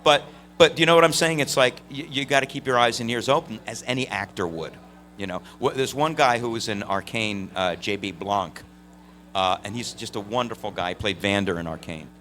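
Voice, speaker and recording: A man on a convention panel, telling animated stories full of fillers and laughs. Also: fairly low pitch, fairly quick, slight background noise. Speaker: voice actor panel guest. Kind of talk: storytelling on a live convention panel.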